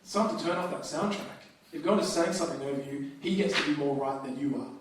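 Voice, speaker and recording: A man preaching a sermon as pastor, talking in a conversational, lively way with frequent restarts. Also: a little high, fast, background noise. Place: church hall. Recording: very echoey hall, distant mic.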